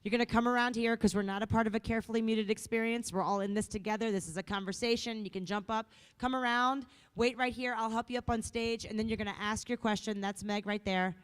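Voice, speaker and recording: A woman's voice: on the high side, fast, few pauses, smooth. A woman hosting a conference on stage, bubbly and playful, speaking into a microphone. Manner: bubbly and playful, lively delivery. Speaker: event emcee. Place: conference hall.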